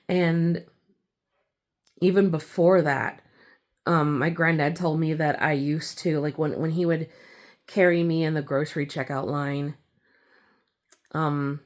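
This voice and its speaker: Slow-talking giggly young woman. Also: steady tone. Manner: giggly, halting, full of fillers and restarts; slips into a squealing high voice when acting out her younger self. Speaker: vlogger. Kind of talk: casual personal vlog.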